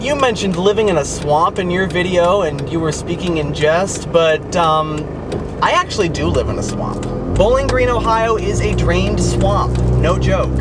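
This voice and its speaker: A fairly high-pitched man from Illinois talks his way through a casual driving-tour vlog with dry, sarcastic humor. Road rumble and wind press loudly on the recording. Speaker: vlogger. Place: in a car and outdoors by the road. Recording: loud road and wind noise.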